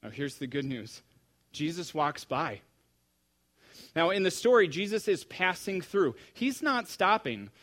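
Male preacher, sermon delivery, animated storyteller moving between hushed and loud. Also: fairly high pitch, measured pace.

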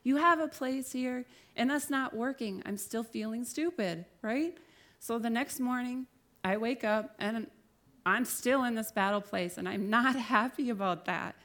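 A woman's voice: fairly high pitch, unhurried, a bit bright. A woman telling a candid personal faith story and giving encouragement, self-deprecating and laughing at herself at times. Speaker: speaker giving a faith talk.

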